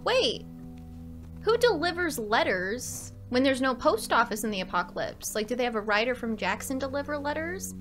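A woman hosting a let's play, chatting casually and thinking aloud, now and then dropping to soft asides. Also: high-pitched, very animated, normal speed, soft background music. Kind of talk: casual gameplay commentary.

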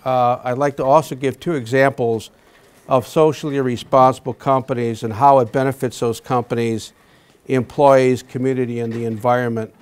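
A man in his sixties giving a prepared talk to a university audience, halting often with fillers and restarts. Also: mid-range voice, steady tone, a little mellow, clean tone. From Wisconsin. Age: 60s. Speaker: guest speaker.

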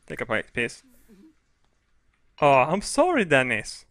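A man doing let's play commentary on a game, excitable and crude, with loud shrieks and laughter. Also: mid-range voice, measured pace, no echo. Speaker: gaming video host.

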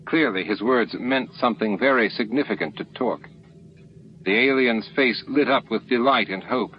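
A man reading an audiobook in a slow, expressive way, on a lo-fi recording with faint hiss. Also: fairly low pitch. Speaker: amateur audiobook reader. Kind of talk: audiobook narration.

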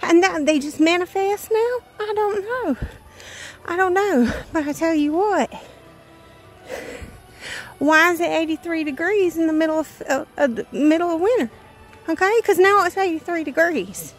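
A middle-aged woman with a Southern US accent, chatting casually and joking in animated, rambling rants as host of her painting channel. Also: extremely high pitch, normal speed, soft background music.

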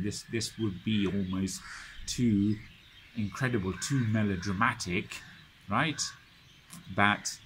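A man's voice: lowish voice, fairly bright tone, a little hiss or hum. A man teaching a study circle, retelling history dramatically with many restarts and frequent checks of "right?". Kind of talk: lecture storytelling.

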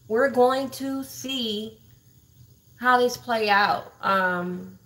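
A Texas woman draws out her words in a slightly high, fairly bright voice while livestreaming. She speaks directly to viewers, gossiping about online drama in blunt, profane terms.

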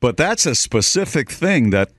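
A man's voice: mid-range voice, big pitch swings, normal speed, a bit bright, no echo, studio quality. A man co-hosting a radio show, making wry, teasing remarks in casual chat.

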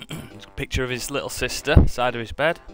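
A man's voice: mid-range voice, a little fast, music in the background. A man streaming a video game, talking in a dry, offhand and sweary way. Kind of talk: casual live-stream gameplay commentary.

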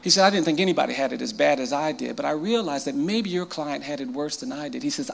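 A man with a gravelly, raised voice tells a story. He talks quickly and pauses for effect, quoting others in his own voice. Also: fairly high pitch. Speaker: speaker telling a story; lawyer. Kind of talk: storytelling talk.

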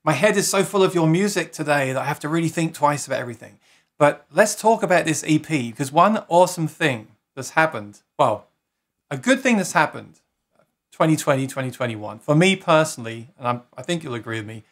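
A man's voice: on the high side, animated, fairly quick, fairly bright tone. A man from New York City hosting a casual live-stream interview, chatty and enthusiastic, greeting viewers as he goes. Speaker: host.

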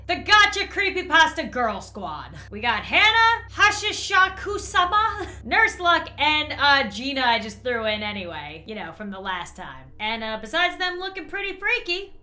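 A woman commenting excitedly on a game as a vlogger, gasping and laughing as it gets scary. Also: on the high side. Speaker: gaming vlogger.

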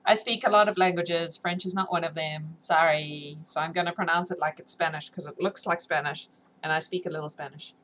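A woman's voice: deep voice, fairly even intonation, a little fast, a bit bright, a little hiss or hum, rough recording. A woman reading a novel aloud on a live stream, then chatting with viewers, laughing often and joking about herself.

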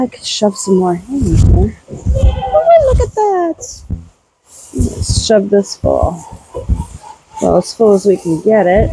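Relaxed, slow-talking farm woman chatting to her animals while doing chores; light background noise. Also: mid-range voice, poor audio. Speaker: homesteading vlogger. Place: barn with animals.

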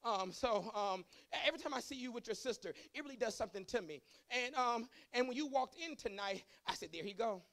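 A man preaching a sermon to his congregation. He swings from chatty asides to fervent shouting. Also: extremely high pitch, a little fast, hardly any pauses. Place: church service.

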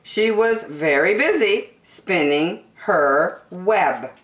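A woman reading a picture book aloud to children in an animated, sing-song storytelling voice. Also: fairly low pitch, takes it slowly, roomy sound.

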